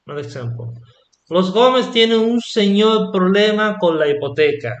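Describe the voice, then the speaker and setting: A man teaching an online Spanish lesson, explaining slowly and patiently and checking in with "yeah?" after his examples. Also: high-pitched, lively intonation, echoey room, dull audio.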